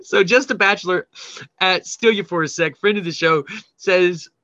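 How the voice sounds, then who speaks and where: A man's voice: high-pitched, normal speed, dry recording, lo-fi sound. A man co-hosting a podcast, telling stories animatedly with laughter and swearing as he reads memes aloud. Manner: animated, laughing, profane storytelling. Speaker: podcast co-host. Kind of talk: casual chat reading memes.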